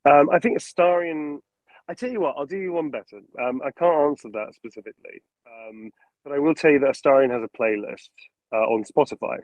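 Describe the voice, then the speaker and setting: A man, a voice actor, answering interview questions about his craft in an animated way and acting out voices as he goes. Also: medium pitch, brisk, no echo, rough recording. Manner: animated, acts out quotes and voices. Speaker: voice actor guest.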